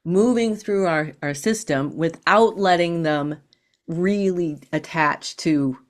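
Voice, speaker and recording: A woman guest on a podcast, explaining in a measured, teacherly way and acting out quoted thoughts. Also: on the low side. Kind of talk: calm explanatory conversation.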